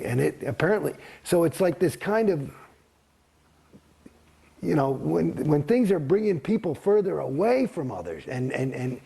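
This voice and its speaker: A man's voice: on the high side, gravelly, darkish tone, husky. A man giving a candid interview, blunt and heavy on profanity, rambling with frequent restarts. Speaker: interview guest.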